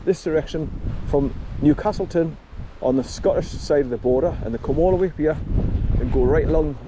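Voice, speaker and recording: Wind and rushing water fill the background as a man vlogs on a drizzly walk, filmed on a chest-mounted camera whose mic picks up heavy wind noise. His voice is fairly high and warm, the audio poor, and he chats casually, turning to his dog now and then.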